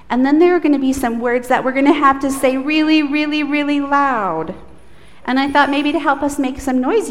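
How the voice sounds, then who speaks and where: A woman pastor leading a prayer, then telling a story to children in an animated, coaxing way. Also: high voice. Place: church sanctuary. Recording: echoey church hall, faint noise.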